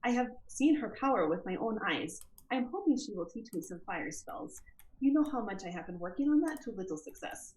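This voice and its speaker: A woman's voice: mid-range voice, sing-song, brisk, darkish tone, roomy sound, lightly acted, poor audio. A woman putting on an accent to voice a formal, earnest young wanderer who is reading her own letter aloud. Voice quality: put-on character accent.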